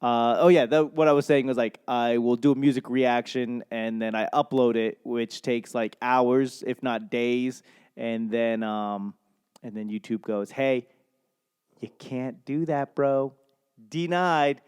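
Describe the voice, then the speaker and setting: A man's voice: medium pitch, little pitch movement, a little slow, a little mellow, clear, resonant tone. A young man from Boston, a stand-up comedian hosting his solo podcast, rambling casually, swearing often and losing his train of thought. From Boston, USA.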